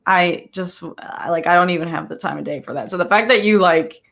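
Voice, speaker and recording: A woman co-hosting a casual livestream, chatty and quick to agree. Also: fairly low pitch, gravelly, a bit bright. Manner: chatty, agreeing, laughs often. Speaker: co-host.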